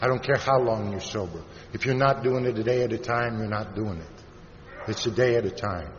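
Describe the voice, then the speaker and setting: Before a live audience in a large convention hall, a low-voiced man from Iowa gives a plain-spoken talk about his own recovery, growing soft and slow when the material gets heavy. The hall recording is dull and reverberant, with faint hiss.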